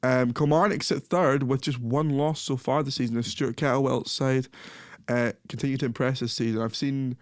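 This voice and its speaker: A man's voice: mid-range voice, fairly even intonation, moderate pace, few pauses, no echo, clean studio sound. A man co-hosting a podcast, chatting casually about football, laughing often and correcting himself. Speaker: podcast co-host.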